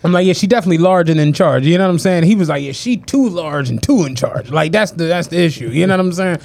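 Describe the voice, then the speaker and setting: A man's voice: fairly high pitch, fast, vocal fry. A man co-hosting a casual podcast, telling a story in slangy talk and acting out the people he quotes. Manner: animated anecdote-telling, acts out quoted voices, slangy. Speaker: podcast co-host.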